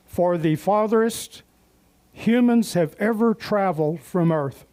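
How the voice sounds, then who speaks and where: Slow, folksy male storyteller. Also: sits high, mellow. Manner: folksy, joking raconteur. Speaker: meeting emcee. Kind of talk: storytelling at a club meeting.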